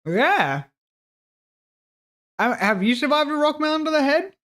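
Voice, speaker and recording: A man's voice: very high voice, very animated, measured pace, a bit bright. A man in casual stream chat, joking and swearing freely. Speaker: streamer guest.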